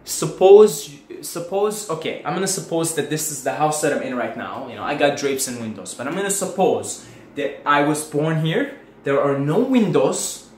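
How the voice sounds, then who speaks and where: Speaking at normal speed with lively intonation and a voice on the high side, a spiritual video host talks casually to his viewers from home. In this casual monologue, he acts out his own panic as he tells a story. There's faint hiss and an echoey room.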